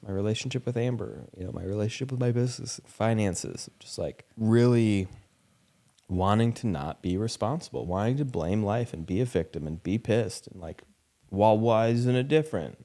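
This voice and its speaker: A man's voice: on the low side, darkish tone. A young adult man hosting a podcast, talking candidly and animatedly, acting out quoted voices and swearing casually. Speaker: podcast host.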